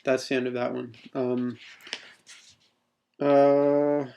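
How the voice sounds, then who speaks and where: A man's voice: mid-range voice, little pitch movement, slow pace, gravelly, warm tone, highs cut off, a little hiss or hum. A man reading his own second-person adventure text aloud, unpolished, with spoken asides.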